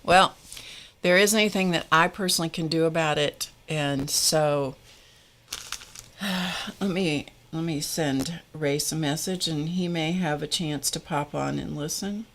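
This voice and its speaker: A middle-aged woman hosts a live craft tutorial in a low, comfortable voice. She chats along casually and reads her viewers' comments back to them. Faint static hums under her words. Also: unhurried, a bit bright. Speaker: craft show host.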